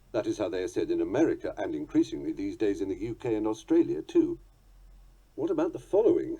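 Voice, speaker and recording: A man's voice: on the low side, very animated, fast talker, mellow, slightly rough. A man with a British English accent reading a book on poetry aloud, dry, precise and wry. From England.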